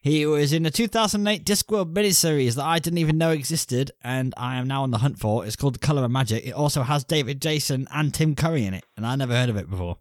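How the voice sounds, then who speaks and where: A man's voice: medium pitch, fast, hardly any pauses, no room sound, clean studio sound. A man co-hosting a casual film review podcast, bantering crudely with rambling asides. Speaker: podcast co-host.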